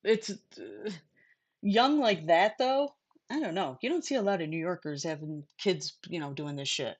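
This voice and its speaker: A woman's voice: fairly low pitch, expressive, normal speed. A woman hosting a casual livestream chat, talking bluntly, swearing freely and laughing often. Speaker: host.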